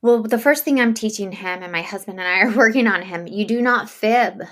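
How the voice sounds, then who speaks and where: Interview guest: a woman with a bright voice, animated storyteller, casual chat. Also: medium pitch, fast. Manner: animated storytelling, laughs often. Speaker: podcast host as guest.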